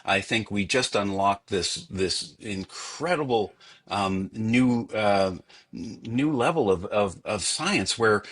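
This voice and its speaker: A man with a Canadian accent answers interview questions in a deep, low register. He speaks in a thoughtful, unscripted way, pausing often and restarting his phrases as he works out what to say. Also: lively intonation, a bit bright. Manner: thoughtful, frequent fillers and restarts. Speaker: guest. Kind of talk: conversational interview.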